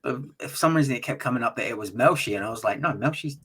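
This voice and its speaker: Male podcast co-host, relaxed and brief, average pitch. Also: quick pace, husky. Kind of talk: casual chat.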